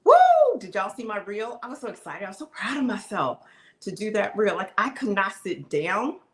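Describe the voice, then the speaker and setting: A woman hosting her own live stream, chatting excitedly and preaching straight to her viewers. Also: medium pitch, moderate pace, reverberant. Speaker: live show host.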